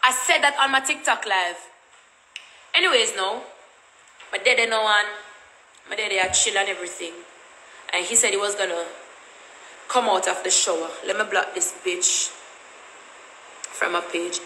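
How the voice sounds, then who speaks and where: A woman's voice: mid-range voice, moderate pace, long pauses, bright, forceful tone, reverberant, slight background noise, poor audio. A woman with a Jamaican accent telling a story in a blunt, repetitive, cussing rant. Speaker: vlogger.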